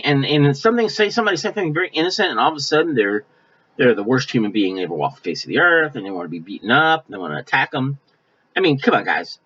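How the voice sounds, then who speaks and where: A male pastor preaching a sermon in a folksy, conversational way, now and then mimicking offended people in quick asides. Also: mid-range voice, a bit bright. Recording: dull lo-fi sound.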